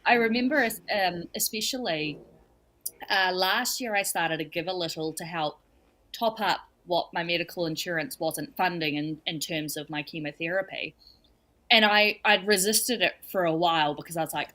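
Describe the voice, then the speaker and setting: A woman's voice: lowish voice, normal speed, pushed and bright. A young woman talks as a podcast guest. She tells her story candidly, with a humorous, conversational edge. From New Zealand. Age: young adult. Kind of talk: casual podcast chat.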